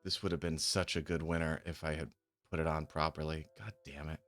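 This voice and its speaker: Guy with a real low voice streaming, mutters and swears, bit of music under it. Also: flat delivery, fairly quick, a bit bright, dry recording. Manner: muttering, swears when frustrated. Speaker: streamer trading options. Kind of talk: casual live-stream chat. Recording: faint music behind. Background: faint music.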